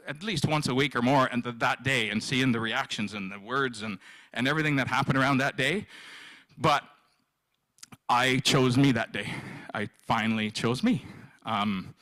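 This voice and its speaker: A man in his fifties giving an emotional personal testimony at a live event, halting and often repeating himself. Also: mid-range voice, bright, forceful tone, poor audio. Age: 50s. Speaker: guest speaker sharing his story.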